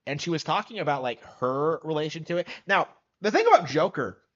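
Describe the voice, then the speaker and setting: A man's voice: fairly high pitch, expressive, a little fast, fairly bright tone. Skeptical man rambling on a lo-fi stream. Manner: skeptical, incredulous, rambling with many "like" fillers. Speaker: streamer reacting to a clip. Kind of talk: live stream reaction commentary.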